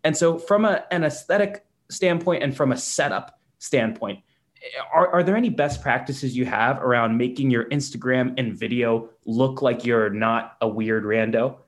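A man hosting an interview, asking questions in a conversational, slightly halting way. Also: medium pitch. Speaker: podcast host. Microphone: video call with ring light.

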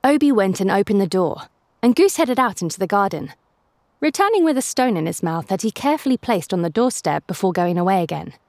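Woman, children's story narrator, lively up-and-down voice, dry close sound, faint music. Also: mid-range voice, brisk, no room sound. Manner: warm, animated storytelling with playful asides. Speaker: storyteller and host.

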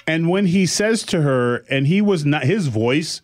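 A middle-aged man co-hosting a casual chat, telling stories with lively acted-out quotes. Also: on the high side, unhurried. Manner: animated storyteller, acts out quoted voices. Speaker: podcast co-host.

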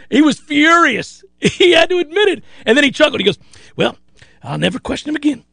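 A man hosting a sports radio show, telling a story with lots of laughter and loud acted-out quotes. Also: very high-pitched, a little fast, gravelly, dry recording. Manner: animated, laughs often, acts out quotes loudly.

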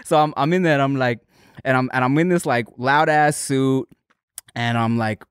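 A man's voice: medium pitch, fairly even intonation, normal speed, smooth, dry recording, studio quality. A young man hosting a comedy podcast, telling rambling stories full of restarts. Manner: rambling, self-interrupting storyteller. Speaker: podcast host. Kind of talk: casual comedic chat.

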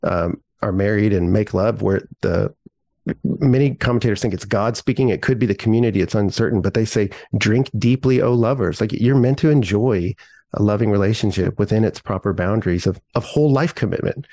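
A middle-aged man, a pastor, talking earnestly in a podcast interview and telling stories with animated emphasis. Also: lowish voice, brisk, dry recording.

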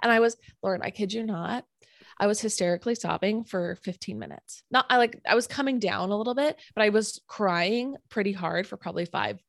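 Young woman, podcast co-host, animated storyteller, lots of "like", dry sound. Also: medium pitch, a little fast, creaky, no echo. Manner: animated, filler-heavy storytelling with acted-out quotes. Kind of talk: casual storytelling chat.

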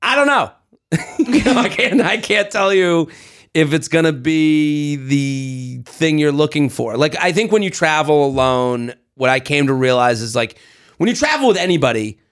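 A man, a comedian, telling an animated, profane story in casual podcast chat. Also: on the high side, normal speed. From United States.

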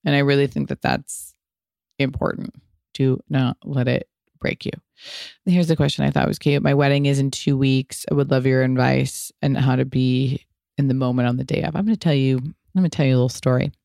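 A woman podcast host in her thirties talks through listener questions in a frank, swearing, lively chatty way. Her voice is smooth and clear, recorded dry and close with no room sound. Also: a bass voice, a little fast, no room sound. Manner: candid, profane, animated storytelling. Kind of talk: casual solo podcast answering listener questions.

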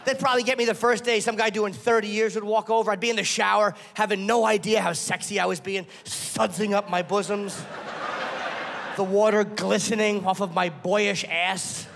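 On a comedy club stage before a laughing audience, a male stand-up performs a crude, self-mocking set, slipping into acted voices for his bits. His voice is high-pitched, gravelly, and a bit bright, with fairly even intonation at a moderate pace. The live room is echoey and full of audience noise.

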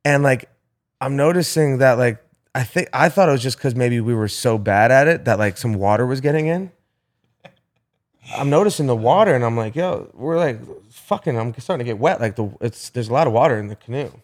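A man's voice: mid-range voice, expressive, fairly quick. A young man telling a story to his friends in casual chat, full of swearing and filler words.

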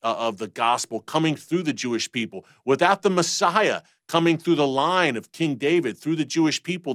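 A man's voice: medium pitch, fairly bright tone, no echo, clean studio sound. A man speaking as an interview guest, emphatic and methodical, laying out his points by number. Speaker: guest, TV host. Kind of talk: conversational teaching.

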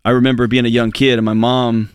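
A man's voice: mid-range voice, little pitch movement, fast talker, clear, resonant tone, dry recording, clean studio sound. A man co-hosting a call-in radio show, speaking emphatically and bluntly in casual talk.

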